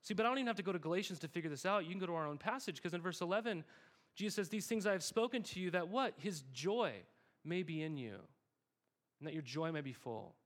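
A young man preaching with a notably high voice. He keeps things conversational, asking the congregation questions and answering them himself. He leans on repeated phrases for emphasis. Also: a bit bright. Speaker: pastor. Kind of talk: sermon.

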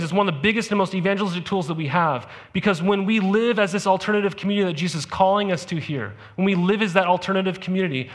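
Male pastor with a high voice, talking through a sermon like a chat and tossing in "right?" to the congregation. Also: fairly bright tone. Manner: conversational, peppered with "right?" asides. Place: church service.

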